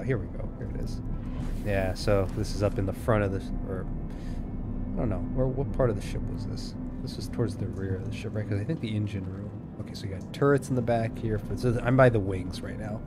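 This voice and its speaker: A man streaming a video game, giving casual, chatty commentary in a relaxed way and laughing often. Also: fairly low pitch, a little fast, loud music behind the voice.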